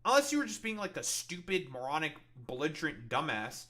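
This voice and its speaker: A man's voice: on the high side, big pitch swings, brisk, bright, forceful tone. A man hosting a casual reaction show, mocking a video in a profane rant. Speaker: podcast host reacting to videos.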